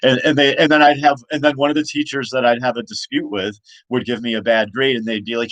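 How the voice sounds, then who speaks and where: A man's voice: medium pitch, level tone, quick pace, few pauses, fairly bright tone, no echo, rough recording. A man rambles through a casual monologue, circling back with frequent restarts and short laughs. His voice sits in an ordinary middle range and is recorded close and dry, with no room sound around it. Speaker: comic creator.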